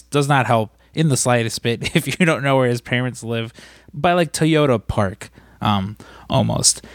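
A man's voice: medium pitch, no echo, studio quality. A man chatting casually, rambling and self-deprecating, with many ums and uhs. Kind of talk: casual chat.

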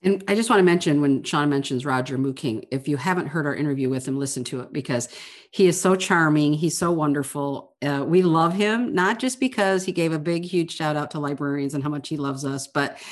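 A woman co-hosting a casual book-club podcast as a librarian, earnest and animated, often restarting her phrases. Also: sits low.

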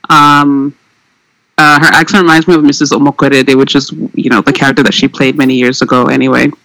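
A man in casual chat, giving opinions in an animated, opinionated way, often with "um" and "like.". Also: medium pitch, a little fast, creaky, dry recording, poor audio.

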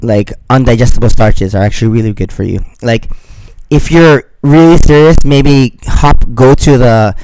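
Male podcast co-host, mid pitch, meandering delivery full of "like" and "um". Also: moderate pace, few pauses, clear, resonant tone, no room sound, poor audio. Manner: rambling, lots of fillers, trails off quietly. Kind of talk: casual chat.

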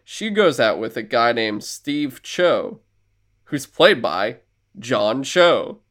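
A man of middle pitch co-hosting a podcast, spinning a long film recap in a loose, chatty way. He leans on filler words and keeps the story rolling with animated energy. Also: slow. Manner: animated storyteller, many filler words, acts out quoted lines. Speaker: podcast co-host. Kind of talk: casual chat, retelling a film.

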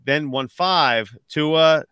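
Man, rambling, restarts, swearing, slightly high voice, dry close mic. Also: extremely slow, bright, forceful tone, clear, resonant tone, no echo. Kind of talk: casual fantasy football chat.

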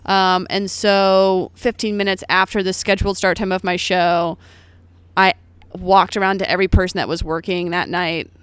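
Casual storyteller woman, smooth tone, dry close mic, rambling filler-heavy delivery. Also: lowish voice, flat delivery, moderate pace, a bit bright, dry recording. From United States. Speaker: comedian guest. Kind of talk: casual podcast chat.

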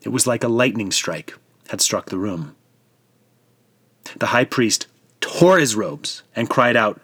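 A man's voice: lowish voice, animated, slow, long pauses, fairly bright tone, breathy edge, no echo. A man narrating a dramatic retelling of a scripture story in a vivid storyteller's manner.

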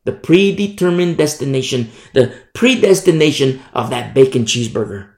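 Gravelly, animated man preaching in an echoey room. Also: mid-range voice, moderate pace. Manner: animated storytelling, acts out shouted warnings. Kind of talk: sermon.

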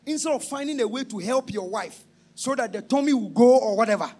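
A man preaching a sermon, shouting and half-singing, then dropping to a low confiding tone. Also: fairly quick.

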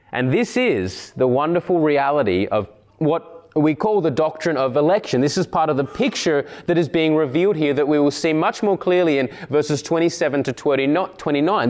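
A man's voice: fairly high pitch, darkish tone. A man preaching a sermon, driving his points home by repeating key phrases with shifting intensity.

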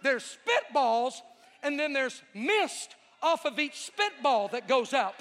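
A male evangelist preaching a sermon with animated, folksy, joking storytelling to a live audience. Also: extremely high pitch, slow pace. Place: large hall with audience. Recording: reverberant hall.

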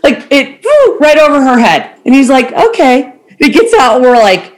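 A woman's voice: high-pitched, sing-song, moderate pace. Casting: middle-aged woman, podcast host, chatty storyteller who acts out every quote. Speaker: podcast host, travel agent. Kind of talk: casual chat.

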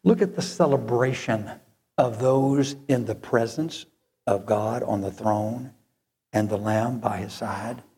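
A man's voice: mid-range voice, darkish tone, husky. A male preacher delivering an earnest sermon that rises to fervent moments. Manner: slow, earnest, rising to fervent.

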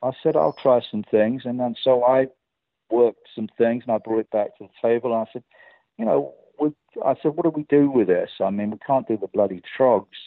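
A man's voice: mid-range voice, brisk, gravelly, no echo, narrow, tinny audio. Older English man spinning studio stories. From England. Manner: lively storyteller who acts out quoted dialogue with many restarts. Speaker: guest, record producer and guitarist. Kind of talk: telling anecdotes in a conversation.

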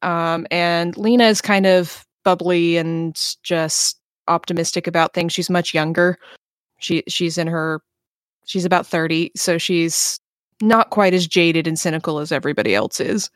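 A woman chats casually as a player at a tabletop game, laughing easily and explaining things at length. Her voice sits lowish and the recording is dry. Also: unhurried, no echo.

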